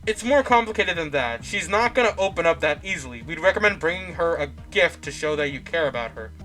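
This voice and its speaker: A man voicing a trio of helpful female demon hounds in a game, giving calm, matter-of-fact advice. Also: fairly high pitch, brisk, faint music behind.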